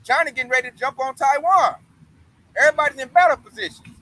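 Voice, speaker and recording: High-voiced man teaching scripture. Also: quick pace, poor audio. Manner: loud reading of verses, then slangy joking asides with put-on voices. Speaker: bible study teacher. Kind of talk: informal scripture study and commentary.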